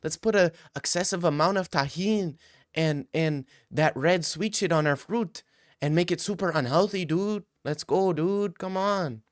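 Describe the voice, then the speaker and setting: A man putting on the voice of an excitable young guy who keeps saying "dude" and "let's go" while pitching a scheme. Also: unhurried, no echo, studio quality, natural voice. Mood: hyped-up. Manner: repeats "dude" and "let's go" with every breath.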